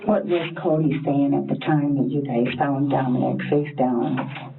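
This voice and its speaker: Woman, low husky voice, short prompting questions, interviewer, distant mic, dull recording. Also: steady tone, unhurried.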